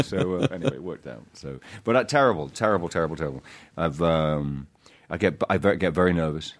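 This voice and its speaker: Brief: very low, deep male actor, stop-start interview talk, self-deprecating. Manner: halting, many restarts and fillers, self-deprecating. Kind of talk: casual interview chat.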